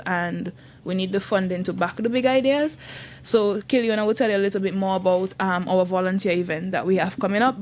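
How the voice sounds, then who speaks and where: A woman, a youth group leader chatting on a radio show in an upbeat, laughing way. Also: medium pitch. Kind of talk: casual radio chat promoting an event. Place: radio studio.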